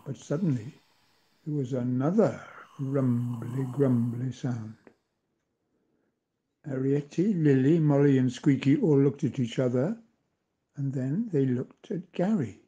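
An older grandfather reads a children's story aloud, very slow and deliberate. His voice is husky and very dark and mellow, and he sounds gentle and unhurried. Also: medium pitch. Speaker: grandfather reading a family story.

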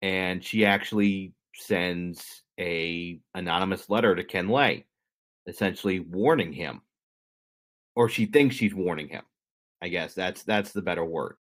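Here a deep-voiced man with a fairly bright tone takes his time, unhurried, as he tells a history story on the podcast he co-hosts. It's casual and jokey, with asides to his co-host as he explains.

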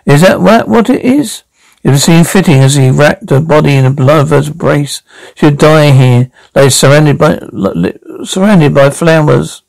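A man narrating and performing every part of an amateur radio drama reading, with halting restarts. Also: a little high, gravelly, a little mellow, no room sound, rough recording.

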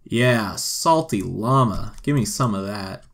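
A man's voice: on the low side, animated, slow. A man giving casual, joking gameplay commentary and talking to the game characters as he plays. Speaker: gameplay video host.

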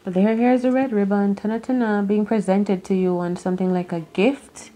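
A woman's voice: medium pitch, fairly even intonation, moderate pace, few pauses, mellow, a little hiss or hum. A woman doing an unscripted tarot reading to camera, musing aloud, rambling and swearing as she goes. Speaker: tarot reader.

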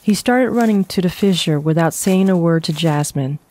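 Low, calm woman narrating a horror story. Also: moderate pace.

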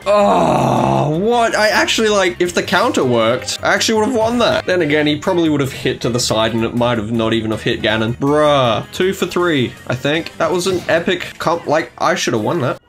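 A young man commentating his own video game matches, excitable and quick to yelp, gasp and trash-talk. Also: a little high. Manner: excitable, yelps and gasps at plays, trash talk. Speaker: gaming YouTuber. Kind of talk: gameplay commentary.

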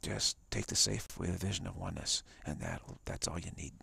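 The spiritual teacher's deep, heavily gravelly voice carries a bright, forceful tone with fairly even intonation as he speaks briskly on a live stream. Emphatic and repetitive, he slips into whispers, and there is no room sound.

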